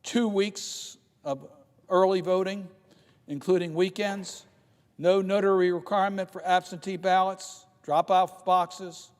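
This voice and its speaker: A man's voice: high voice, steady tone. Emphatic older man in a reverberant chamber. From Maryland, United States. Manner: measured and emphatic, slowing to stress key points. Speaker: senator. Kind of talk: Senate floor speech. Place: large legislative chamber.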